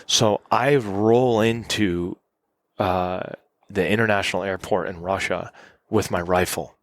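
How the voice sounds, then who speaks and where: A man's voice: low-pitched, steady tone, a little slow, no echo, studio quality. A middle-aged man, a podcast guest in a cabin, telling long rambling anecdotes in a casual interview and acting out the people he quotes.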